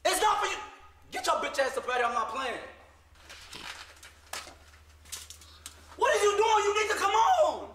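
Man doing a high, fast-talking rude fast-food worker in a comedy sketch, roomy sound, crowd noise behind, brief. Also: sing-song. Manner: loud, brash, cursing, dismissive. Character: rude, hot-tempered young male fast-food worker.

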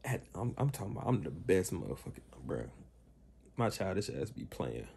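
A man's voice: sits low, moderate pace, gravelly, background noise. A young man casually telling a story to camera in heavy slang, acting out the other people's lines. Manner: animated slangy storytelling, acts out quotes. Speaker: vlogger.

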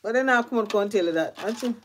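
A woman's voice: mid-range voice, very fast, a little hiss or hum. Chatty Jamaican woman vlogging. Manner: chatty, repeats herself, talks to viewers. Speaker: gardening vlogger. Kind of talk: casual chat while gardening.

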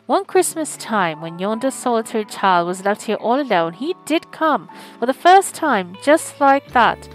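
A woman's voice: medium pitch, expressive, normal speed, faint music behind, lightly acted, low-quality recording. Scrooge, a woman doing an old man swept up in memory. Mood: excited. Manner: eager, exclaiming, half laughing half crying.

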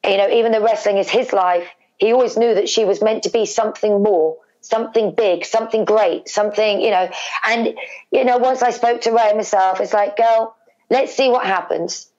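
Dull audio captures a medium-pitched, middle-aged English woman speaking at a moderate pace. Being interviewed, she tells a moving family story with animation, repeating herself and acting out the things people said.

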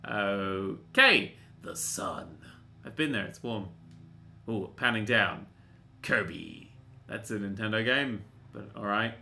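A young man talks over a game with a bright, piercing tone and a voice that leaps all over the place. He swears freely and cracks jokes in excitable bursts as he plays. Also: lowish voice, slow, creaky. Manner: excitable, sweary, joking asides. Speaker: gaming channel host. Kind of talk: comedic gameplay commentary.

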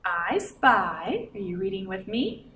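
A woman's voice: mid-range voice, sing-song, takes it slowly, a bit bright. A woman librarian reading a picture book aloud to children in a coaxing, sing-song way and asking them questions. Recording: roomy, from a distance.

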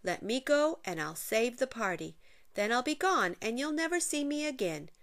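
A woman's voice: on the high side, big pitch swings, moderate pace, fairly bright tone. A woman voicing a tiny, mischievous male leprechaun who bargains slyly and uses old-fashioned turns of phrase. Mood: bargaining.

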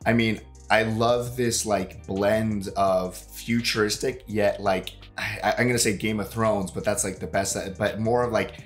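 A man's voice: lowish voice, fairly even intonation, unhurried, few pauses, soft background music. Sick-sounding man rambling about a film. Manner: rambling, filler-heavy, swears casually. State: sick, congested voice. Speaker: movie reaction co-host. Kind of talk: casual chat.

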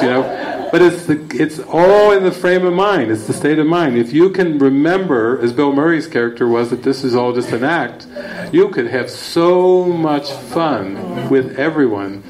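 A man teaching at a spiritual retreat, telling stories with lively, laughing delivery. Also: mid-range voice, moderate pace, background noise. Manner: animated storytelling, laughing often. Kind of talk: retreat talk. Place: retreat hall.

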